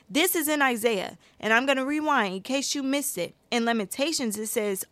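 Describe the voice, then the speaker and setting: A woman's voice: a little high, normal speed, hardly any pauses, no room sound. A woman giving a personal Bible-study talk, speaking with her hands and reading verses aloud with rising emphasis. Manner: animated, reads scripture aloud with rising emphasis; speaks with her hands and addresses viewers as y'all. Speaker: Christian video creator.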